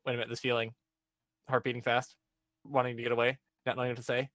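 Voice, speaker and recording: Speaking quickly in a mid-range voice, a young man gives a casual podcast recap of an episode with no echo on the recording. He brings the characters' lines to life through animated storytelling, saying "um" and "like" a lot.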